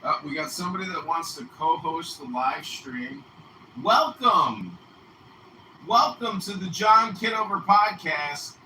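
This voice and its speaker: A man's voice: high-pitched, big pitch swings, measured pace, pushed and bright. Male podcast host, profane rambling chatter, noisy room behind. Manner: rambling, swears freely, acts out quotes. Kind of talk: casual profane podcast chat. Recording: roomy, distant mic with background noise.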